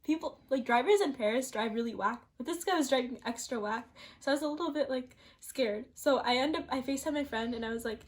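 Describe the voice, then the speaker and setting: A woman's voice: high-pitched, fast, hardly any pauses. A young woman in her late teens telling a storytime vlog, chatty and rambling, with lots of "like" and restarts, often laughing as she goes. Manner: chatty and rambling, heavy use of "like", frequent restarts. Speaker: vlogger.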